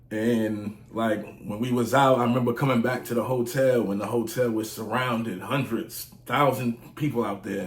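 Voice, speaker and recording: A man in his forties telling stories in a casual vlog, loose and slangy, often saying "you know what I'm saying". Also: medium pitch. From United States. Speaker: vlogger, music reviewer. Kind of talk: casual storytelling monologue. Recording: roomy echo.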